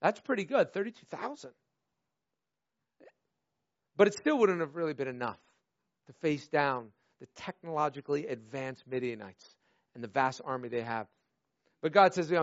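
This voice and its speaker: Male pastor, higher voice, animated storyteller who acts out the characters, slightly muffled recording. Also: fairly quick, pauses often, no room sound. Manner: animated storytelling, acts out voices, drops to soft earnest tones. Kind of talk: sermon.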